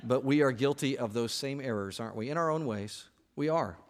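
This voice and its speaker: A male pastor preaching a sermon from the pulpit. He speaks with firm emphasis, repeating words and restarting phrases as he drives his points home. His voice sits in a middle pitch range. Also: a little fast.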